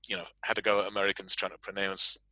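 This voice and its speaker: A man's voice: deep voice, flat delivery, rapid-fire, sharp tone, no room sound, low-quality recording. A British man moderating a panel discussion in a chatty, self-deprecating way, laughing often.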